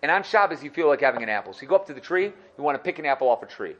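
A man teaching a lively Torah lesson, animated and acting out little scenes. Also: fairly high pitch, very fast, highs cut off. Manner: animated, acts out dialogue.

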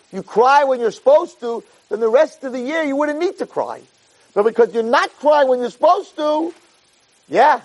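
A man giving a Torah class as an animated storyteller, peppering his talk with Hebrew terms and rising high for emphasis. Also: low-quality recording.

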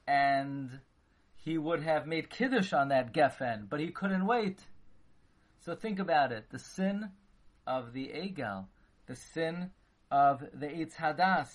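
This Torah lecture comes from a rabbi whose voice sits a little high. He acts out exchanges between characters and fills his teaching with Hebrew and Yiddish vocabulary.

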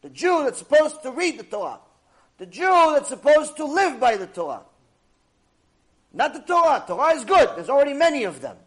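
A man's voice: extremely high pitch, sing-song, moderate pace, fairly bright tone. A man teaching a Torah lecture, speaking emphatically with lots of rhetorical repetition.

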